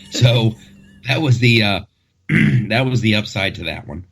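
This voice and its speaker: A man's voice: fairly low pitch, expressive, unhurried, a bit bright, faint music behind. A man hosting a casual comedic talk show, rambling and joking with frequent restarts.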